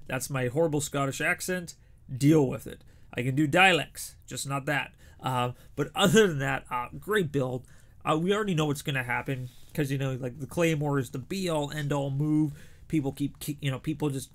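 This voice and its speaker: A man's voice: mid-range voice, normal speed. A young man giving casual, opinionated predictions as a show host, chatty with frequent restarts.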